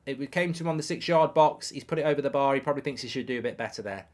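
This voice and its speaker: A middle-aged man hosting a live football watchalong, commenting on the match and reading out viewer messages with bursts of excitement. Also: mid-range voice, racing. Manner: excitable, reads viewer messages aloud, repeats himself.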